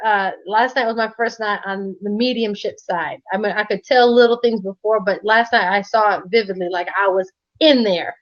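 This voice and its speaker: A woman co-hosting a live stream, telling a story in a casual, animated way with slang and frequent laughter. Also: mid-range voice, moderate pace, hardly any pauses. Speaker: live stream co-host doing readings. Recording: dull lo-fi stream audio.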